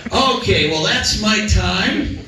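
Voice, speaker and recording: A man's voice: high-pitched, background noise. A man doing a stand-up set, rambling and self-deprecating with many fillers, on a comedy club stage. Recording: echoey club from far off.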